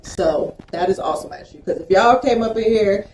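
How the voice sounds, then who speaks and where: Blunt, mellow-voiced woman in an echoey room. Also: medium pitch, fairly quick. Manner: blunt, profane ranting with laughs. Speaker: podcast co-host. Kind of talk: casual chat. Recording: roomy echo, faint noise.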